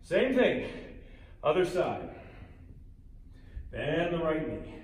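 Slow, playful male yoga instructor. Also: a little high, a little hiss or hum. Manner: playful, joking asides between calm cues. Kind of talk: guided yoga class. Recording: echoey room with faint ambience.

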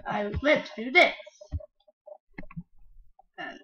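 A woman commenting on her own gameplay in a bright, ringing voice that sits a little high, chatting along and bursting into excited shouts. She talks at an unhurried pace. Her home mic sounds dull and lo-fi. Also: a little hiss or hum. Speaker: gamer playing a video game. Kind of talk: let's-play game commentary.

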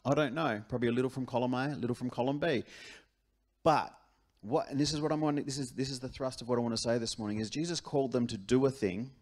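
A pastor with an Australian accent delivering a sermon in church, in a conversational, animated style that repeats key phrases. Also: male voice, medium pitch, quick pace.

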